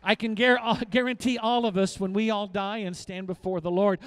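A high-pitched middle-aged man preaching a sermon as pastor. He drops to quiet, confiding asides, then rises into loud, repeated declarations of emphasis. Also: fairly even intonation, a little fast, clean tone.

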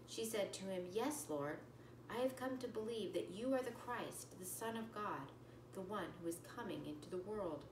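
A woman religion teacher reading scripture aloud slowly and carefully, then explaining it plainly to children with a few fillers. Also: medium pitch, noisy background. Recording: echoey room, voice from far off the mic.

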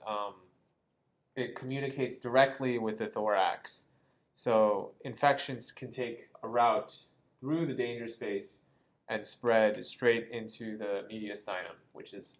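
A man's voice: lowish voice, low-quality recording. A man giving an anatomy lesson, explaining as he draws, with frequent ums and small self-corrections. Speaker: anatomy lecturer. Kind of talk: drawing-board anatomy lesson.

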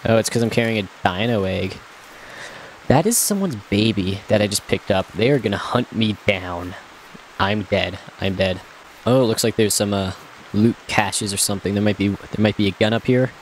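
A man's voice: lowish voice, a little hiss or hum. Chatty young man narrating his gameplay. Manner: chatty, talks to himself, jokey and self-mocking. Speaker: gameplay commentator. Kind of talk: casual let's-play commentary.

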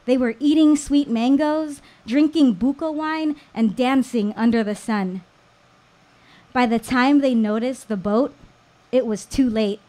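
A woman in her thirties telling a personal story live on stage at a small venue, slow and deliberate with dramatic pauses. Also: fairly high pitch, mellow. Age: 30s.

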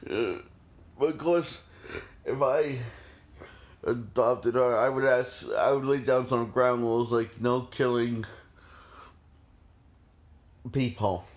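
A man's voice: mid-range voice, slow pace, long pauses. A man casually reviewing a horror film, rambling with many restarts and frequent laughs.

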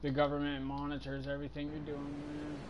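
A man's voice: a little high, completely flat delivery, a little fast, noisy background. A man mocking a stranger in a game's voice chat, rambling and sarcastic. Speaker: streamer playing with strangers. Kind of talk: casual trolling game chat.

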